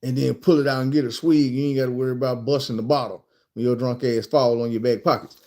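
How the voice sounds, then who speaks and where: A man with a Southern American accent tells a story casually, cursing freely and talking in a lively, conversational way. His voice sits at an ordinary pitch with a mellow, warm tone. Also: fast. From Arkansas, USA. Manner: profane, animated, conversational.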